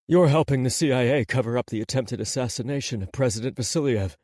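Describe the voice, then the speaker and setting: A man's voice: medium pitch, fast, darkish tone, no room sound, studio quality, natural voice. A man voicing a shaken middle-aged male judge who speaks urgently and in disbelief, in an audiobook reading. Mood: shocked, pleading.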